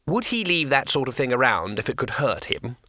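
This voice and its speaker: A man's voice: medium pitch, big pitch swings, fairly quick, pushed and bright, no room sound, clean studio sound. A man voicing an eager, curious little male tourist in an audiobook, wondering and breathless. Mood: mild. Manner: wide-eyed, breathless, wondering.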